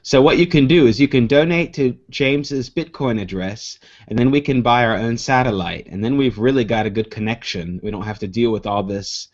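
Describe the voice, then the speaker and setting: A man's voice: mid-range voice, a little fast, few pauses, darkish tone. A man co-hosting a live online show in casual chat, rambling with many restarts. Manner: rambling, with restarts and "you know"s. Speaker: co-host. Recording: dull lo-fi stream audio.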